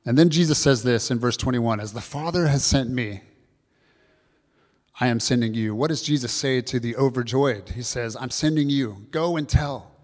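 A man's voice: medium pitch, normal speed. Male pastor, earnest sermon delivery, repeats phrases, long hall reverb. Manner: earnest, repetitive preaching, addresses kids and congregation.

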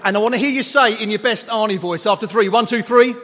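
A man's voice: sits high, fast talker, fairly bright tone. A man preaching an Easter sermon to a congregation, joking and quizzing the people in the pews. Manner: jokey, bantering with the congregation. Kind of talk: lively Easter sermon with audience questions. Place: large church hall. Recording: long reverb of a large hall.

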